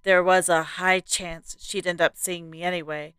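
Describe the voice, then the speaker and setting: A woman hosting a podcast and narrating a horror story in a hushed, suspenseful manner. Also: on the low side, flat delivery, moderate pace, smooth, no echo.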